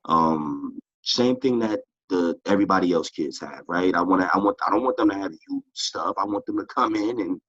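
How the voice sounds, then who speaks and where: A tired, short-on-sleep middle-aged man who founded a boxing club talks casually as an interview guest, relaxed and rambling with many "you know" fillers. His deep voice moves at a moderate pace with few pauses, in a dry recording with dull audio.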